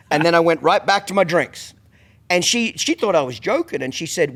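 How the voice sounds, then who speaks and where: A man's voice: a little high, animated, moderate pace, fairly bright tone. Blunt, profane man telling a story. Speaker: podcast host. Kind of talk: casual storytelling.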